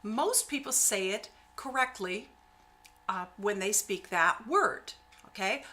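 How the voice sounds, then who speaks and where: A middle-aged woman teaching a singing lesson at an unhurried pace. Her voice is bright and clear, and she speaks with warm encouragement. She stretches out each vowel she demonstrates. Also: mid-range voice, lively intonation.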